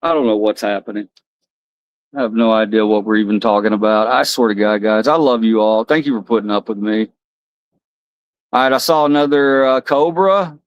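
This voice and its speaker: A man's voice: lowish voice, normal speed, no room sound, highs cut off. Man, American accent, livestream host, loose rambling chat, dry sound. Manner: rambling, loose and chatty, talks to viewers by name. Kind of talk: casual chat with chat readers.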